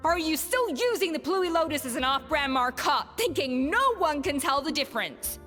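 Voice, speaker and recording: An actress voicing a proud, principled former head chef in a game, speaking firmly and earnestly. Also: female voice, high voice, sing-song, normal speed, bright, forceful tone, heavily acted. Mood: reproachful. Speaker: game character. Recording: game audio with light reverb and faint music.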